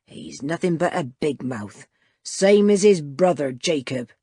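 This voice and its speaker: A woman reading an audiobook, voicing an old male cave guide in a lowered voice. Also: sing-song, unhurried, dark tone, breathy edge, dry recording, studio quality, full character voice. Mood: scornful. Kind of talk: audiobook character voice.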